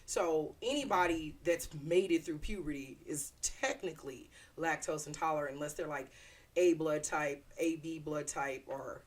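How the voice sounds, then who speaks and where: A woman with a very low voice talks loosely, laughing easily. She explains things in plain conversation. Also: moderate pace. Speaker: podcast co-host. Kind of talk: casual chat.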